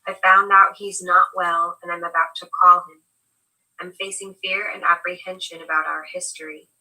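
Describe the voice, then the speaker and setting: Woman reading a question in a flat voice. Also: on the low side, normal speed, poor audio. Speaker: moderator reading listener questions.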